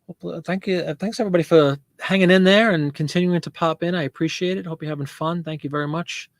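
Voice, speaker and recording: A fast-talking man with a fairly high, steady voice runs a casual live selling stream. Chatty and rambling, he laughs frequently while reading out and answering viewer comments. The audio is studio quality with no room sound.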